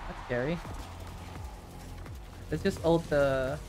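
A man giving casual live commentary while playing a video game, talking to his viewers and breaking into excited shouts. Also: fairly high pitch, slow, over music. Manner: animated, bursts into excited shouts. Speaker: gaming streamer.

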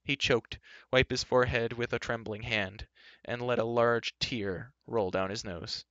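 A man reading a chapter book aloud live, in a soft, even narrating voice. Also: medium pitch, unhurried, no echo, highs cut off.

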